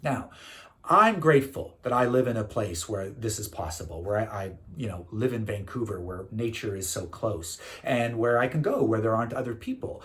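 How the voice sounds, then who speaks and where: A man's voice: on the low side, animated, normal speed, hardly any pauses, a bit bright. Chatty middle-aged man telling a story. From Canada. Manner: chatty, storytelling, many fillers and restarts. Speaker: speaker and consultant. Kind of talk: casual talk to camera.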